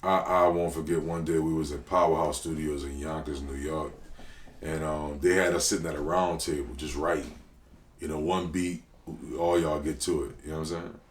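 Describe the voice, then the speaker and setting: A man tells stories as a rapper guest in a relaxed interview. He talks in a slangy, animated way that jumps up in quick bursts of excitement. The room gives his voice a noticeable echo. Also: a bass voice, slight background noise. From New Orleans. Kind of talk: casual interview storytelling. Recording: roomy echo.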